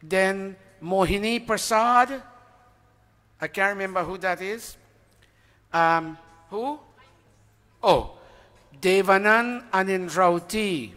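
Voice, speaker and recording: A man's voice: high voice, takes it slowly, long pauses, bright, forceful tone. A man reading out donor names to a temple gathering in a chatty way, stopping to ask the audience and admitting when he forgets names. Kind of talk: informal announcements to a congregation. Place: temple hall. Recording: reverberant hall.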